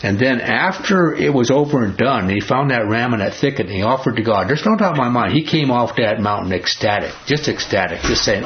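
A man's voice: medium pitch, brisk, hardly any pauses, dull audio. A man teaching a Bible study in a folksy, emphatic way, often asking the group questions.

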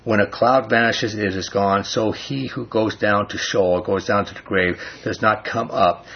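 A man leading a Bible study, reading scripture slowly and then explaining it in loose, casual talk with a husky voice. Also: on the low side, fairly even intonation. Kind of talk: informal Bible study teaching. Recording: dull lo-fi recording.

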